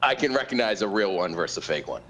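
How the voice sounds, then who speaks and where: A man's voice: lowish voice, expressive, quick pace, a bit bright, slight background noise. A young man from the Boston area chatting casually as a podcast guest, rambling with lots of restarts and swearing. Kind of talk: casual chat.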